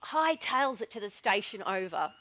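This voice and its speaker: A woman's voice: mid-range voice, big pitch swings, normal speed, a bit bright, low-quality recording. A woman with an Australian accent telling a story in a chatty, digressive way as a gaming vlogger. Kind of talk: casual storytelling.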